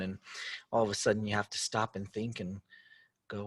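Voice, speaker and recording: A man's voice: fairly low pitch, little pitch movement, moderate pace, pauses often. A man hosting a motivational talk, upbeat and conversational, asking the listener many questions. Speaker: host.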